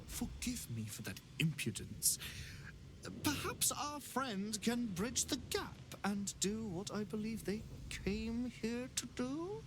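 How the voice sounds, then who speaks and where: A scheming wizard holed up in his tower, silky and condescending, his voice swooping up and down with theatrical flair. He speaks slowly and deliberately, and steady noise hangs under the game audio. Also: high voice, exaggerated voice. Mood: ingratiating.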